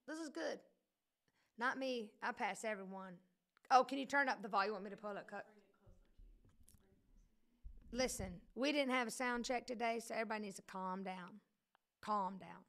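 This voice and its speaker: A woman's voice: a little high, expressive, normal speed, creaky, long pauses, pushed and bright. A woman leading a casual livestream Bible study, preaching in a chatty, joking way that keeps wandering off into digressions.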